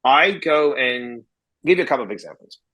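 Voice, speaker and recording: A man's voice: medium pitch, lively intonation, brisk, a bit bright, rough recording. A man from Australia, a podcast guest, telling stories bluntly and swearing freely as he acts out conversations. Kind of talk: casual interview storytelling.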